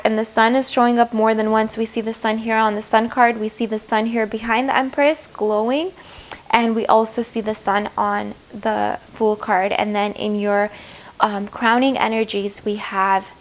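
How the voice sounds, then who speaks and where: A woman's voice: medium pitch, vocal fry. A woman giving an upbeat, encouraging tarot reading to her viewers, acting out what the cards say. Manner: upbeat, encouraging, acts out the cards in quick voices. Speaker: tarot reader.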